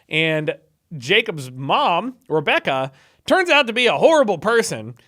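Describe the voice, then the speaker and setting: A young man retells a story for laughs in a casual, irreverent tone and keeps dropping "like" as a filler. His voice is bright and forceful and sits a little high for a man. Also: big pitch swings, a little slow. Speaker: online video host.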